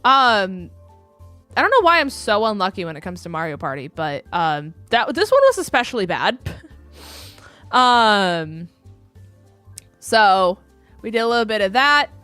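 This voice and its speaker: Chatty young woman streamer, bright voice. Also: medium pitch, very animated, measured pace, pauses often, clean tone, no room sound, soft background music. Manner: rambling, chatty, many ums and likes. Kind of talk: casual live-stream chat.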